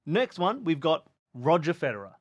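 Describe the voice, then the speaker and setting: A man's voice: fairly high pitch, big pitch swings, normal speed, no room sound. A man co-hosting a podcast, running a quiz in casual chat with a playful, teasing manner.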